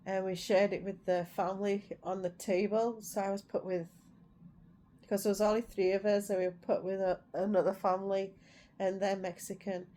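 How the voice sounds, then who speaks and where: A middle-aged woman talks in a loose, rambling vlog chat and circles back over her points. Her voice is mellow and warm, and she sits at an average pitch. A faint hiss of noise runs under the recording. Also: flat delivery, moderate pace. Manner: rambling, repeats herself, chatty. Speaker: vlogger. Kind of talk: casual chat to camera.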